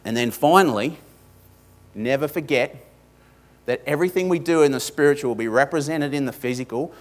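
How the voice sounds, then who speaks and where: A man's voice: mid-range voice, fairly quick. A man with an Australian accent preaching a sermon in church, emphatic, stacking repeated lists and slipping in humorous asides. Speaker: pastor.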